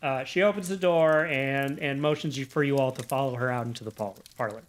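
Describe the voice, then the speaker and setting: A man's voice: medium pitch, fairly quick. A man narrating a tabletop game as its game master, describing scenes with some fillers.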